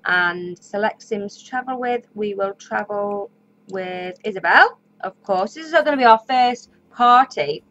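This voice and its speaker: A woman's voice: mid-range voice, a bit bright. A woman hosting a let's play, giving casual, chatty commentary and talking to the characters on screen. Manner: chatty, talks to the game characters. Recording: slightly dull lo-fi audio.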